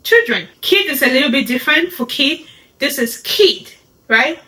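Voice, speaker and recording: A woman teaching a beginner sign language lesson, upbeat and patient, repeating each word slowly as she demonstrates. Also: high voice, expressive, pushed and bright, poor audio. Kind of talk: instructional video lesson.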